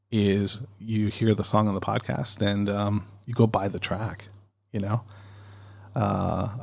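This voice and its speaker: A man's voice: fairly low pitch, creaky, a little mellow, husky. A man hosting a podcast, rambling and chatty in a casual monologue, recorded on a studio dynamic mic. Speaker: podcast host.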